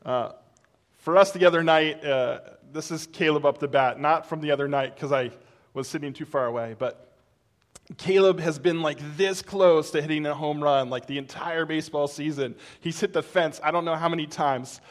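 Animated, fairly high-voiced male pastor. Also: normal speed. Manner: conversational and animated, with laughs and fillers. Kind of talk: sermon. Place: church sanctuary.

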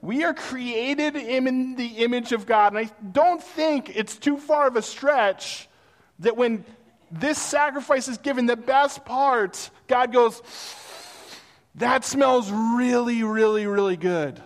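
A man's voice: extremely high pitch, measured pace. Man preaching in a reverberant hall. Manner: conversational, animated storytelling with acted-out quotes. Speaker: pastor. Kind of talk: sermon with personal stories.

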